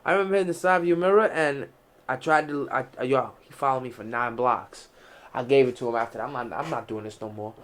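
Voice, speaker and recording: Speaking quickly in a mid-range, fairly bright voice, this young podcast host chats casually. His stories wander, are full of profanity, and often start over.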